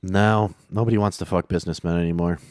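Deadpan teasing man, dry sound. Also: deep voice, fast, clear, resonant tone, dry recording. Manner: deadpan, teasing, improvises bits. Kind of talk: casual comedic banter.

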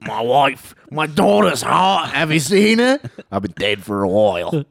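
A man's voice: medium pitch, very animated, unhurried, creaky, pitched below the performer's own voice. A man voicing a leering male wildlife showman who drawls bluntly.

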